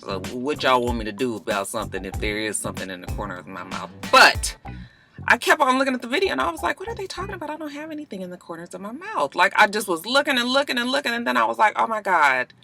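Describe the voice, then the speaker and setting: Sassy woman vlogger, blunt and profane, with a sharp, bright voice. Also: low voice. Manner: sassy, blunt, swears freely. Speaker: YouTube reviewer. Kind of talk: casual review vlog.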